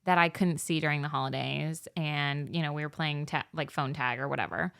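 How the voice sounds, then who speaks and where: A young woman co-hosting a casual podcast chat, effusive and quick to act out what friends said. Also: low-pitched, steady tone, vocal fry, a bit bright, smooth. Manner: effusive, acts out quoted friends in a raised voice. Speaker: podcast co-host.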